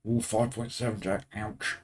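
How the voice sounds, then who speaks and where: A British man with a lowish voice chats casually to his viewers on a racing stream. He keeps things light with dry, deadpan jokes tossed in between remarks. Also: normal speed. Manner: chatty, dry joking asides. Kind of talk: casual chat with a live stream audience.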